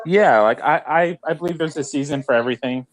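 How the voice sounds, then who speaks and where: A man's voice: fairly high pitch, quick pace, low-quality recording. A man speaking as a guest on herbal medicine, earnest and faith-minded, talking through an earbud mic. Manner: earnest, talks of faith and herbs. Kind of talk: casual chat. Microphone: earbuds with built-in mic.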